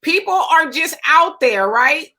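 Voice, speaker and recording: A woman's voice: high-pitched, expressive, slow, pushed and bright. A woman hosting a casual interview, chatty and full of fillers as she asks questions. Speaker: host.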